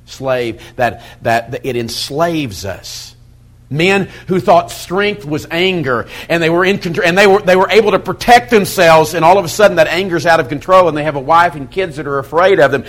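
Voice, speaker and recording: A middle-aged man preaching to a men's Bible study in a conversational style, swinging from loud emphasis to quiet, intense asides. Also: on the high side. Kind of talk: sermon.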